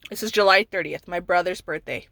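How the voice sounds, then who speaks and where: A woman's voice: lowish voice, brisk, creaky, sharp tone, dry recording. A woman in her thirties, a mother from California, giving an emotional personal testimony and retelling dialogue as she goes. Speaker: mother telling her son's story.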